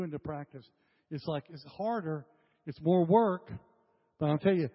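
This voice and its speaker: An older male pastor delivers a sermon with emphasis, his somewhat high voice driving phrases home through repetition as he speaks directly to the congregation. The recording is dull and lo-fi, with a long reverb from a church hall.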